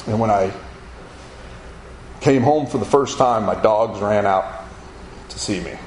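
A man's voice: fairly low pitch, measured pace, roomy sound, a little hiss or hum, rough recording. A man giving a spoken testimony to an audience, telling his story vividly and acting out the voices of the people in it. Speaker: speaker giving a personal testimony.

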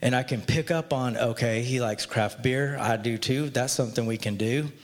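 An earnest man tells a personal faith story in a relaxed, conversational way. His voice sits at an ordinary middle pitch. The sound carries a long reverb, as if recorded in a large hall. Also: normal speed.

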